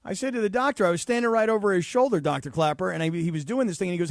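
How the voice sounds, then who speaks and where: A man co-hosting a radio show, telling stories in animated casual chat. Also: high-pitched, racing, no echo, clean studio sound. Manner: animated storyteller. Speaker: radio co-host.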